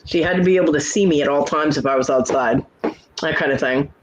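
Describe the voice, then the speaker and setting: A woman in her forties hosts a relaxed chat show. She spins long personal stories in a loose, rambling way. She brings the back-and-forth of old conversations to life as she tells them. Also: sits low, a little fast, slight background noise, rough recording. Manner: chatty storyteller who acts out quoted exchanges. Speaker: host. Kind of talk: casual chat.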